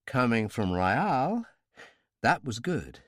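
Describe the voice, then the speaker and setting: A man narrating a thriller audiobook in the first person, in a measured, dramatic manner. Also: mid-range voice, big pitch swings, fairly bright tone, dry recording, studio quality.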